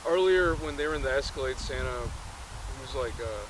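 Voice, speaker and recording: A man's voice: medium pitch, a little fast, noisy background. A man casually retelling a movie, rambling with many fillers and self-corrections.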